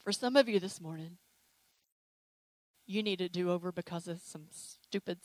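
A woman preaching a sermon with an altar call, emotional and animated, with playful acted asides. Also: on the low side, normal speed, long pauses, low-quality recording. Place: church sanctuary.

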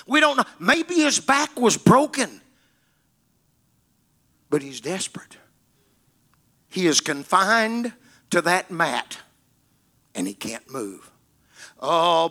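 High, bright-voiced emphatic male preacher. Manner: emphatic, repeating key words for stress; dramatic retelling of scripture stories. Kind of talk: sermon.

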